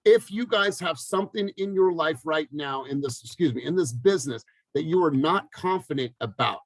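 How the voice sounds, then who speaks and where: A man coaching his team in a motivational talk, energetic and emphatic, repeating phrases for effect. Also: a little high, normal speed, dry recording, low-quality recording. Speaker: real estate team coach.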